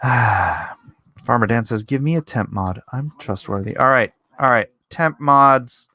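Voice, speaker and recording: A man's voice: medium pitch, slow, pushed and bright, no room sound. A man hosting a casual livestream, reading viewer comments aloud and chatting back in a rambling, self-deprecating way. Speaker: livestream host.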